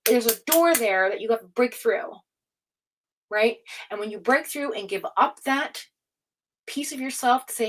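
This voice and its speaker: A woman giving a tarot reading in a forceful, profane, scolding pep-talk manner, with many fillers and restarts. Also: a little high, animated, normal speed. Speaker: tarot reader. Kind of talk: casual spoken tarot reading to camera.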